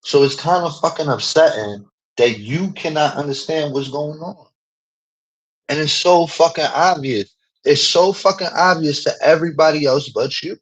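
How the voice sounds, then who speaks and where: A man's voice: on the high side, moderate pace, poor audio. Profane, ranting man streamer. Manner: profane, emphatic, repetitive fillers. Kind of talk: heated casual rant.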